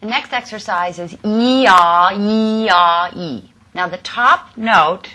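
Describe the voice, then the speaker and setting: A woman's voice: mid-range voice, takes it slowly, sharp tone. A woman vocal coach giving a singing lesson, explaining exercises and demonstrating them. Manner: demonstrative, sings exercise syllables between explanations.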